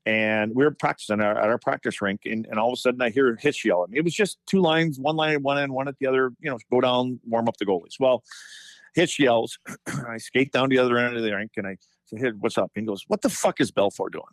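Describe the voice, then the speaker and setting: A man's voice: mid-range voice, fast, no echo. Man telling hockey stories, dry close mic. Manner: animated anecdotes, frequent restarts and profanity in quotes. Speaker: guest, former hockey player. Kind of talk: casual storytelling chat.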